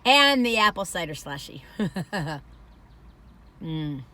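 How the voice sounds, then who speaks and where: A vlogger from the northern United States taste-tests a dessert, rambling and speaking emphatically in a casual food review. Her voice is lowish with a sharp tone and big pitch swings, and she takes her time.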